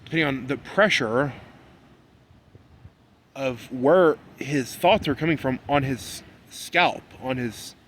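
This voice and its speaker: A man in a rambling solo monologue, repeating himself and swinging between low muttering and loud, insistent scolding. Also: takes it slowly, a little hiss or hum. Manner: repetitive, talks about himself in the third person. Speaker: vlogger.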